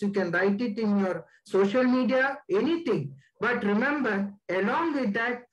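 A man giving a slide presentation as a guest speaker, deliberate and stressing key words. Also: high voice, a bit bright, rough recording.

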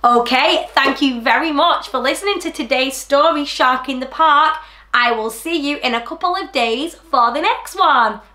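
A woman reading a rhyming picture book aloud to children in an animated, sing-song way, then talking to them directly. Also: high voice, normal speed, roomy sound. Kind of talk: storybook read-aloud for children.

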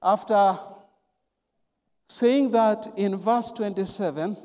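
A pastor with a strikingly high voice preaches slowly and deliberately, leaning hard on repeated words. He drops to a hush, then rises to loud stressed lines. His voice rings with the long reverb of a large church hall. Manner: emphatic, repeats key words, swings from quiet to loud. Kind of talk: sermon.

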